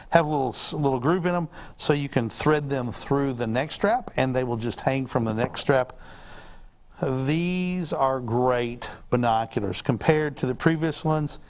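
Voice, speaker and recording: A man hosting an outdoor gear show, chatting casually about binoculars and correcting himself as he goes. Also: mid-range voice. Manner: rambling, self-correcting, teasing. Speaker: show host. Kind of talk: casual on-air product chat.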